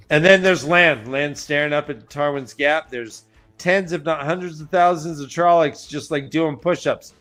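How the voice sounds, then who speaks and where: A man's voice: a little high, unhurried, a bit bright, faint music behind. A man co-hosting a casual book podcast, retelling scenes with jokes and acted-out quotes. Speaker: podcast co-host. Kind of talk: casual book-recap chat.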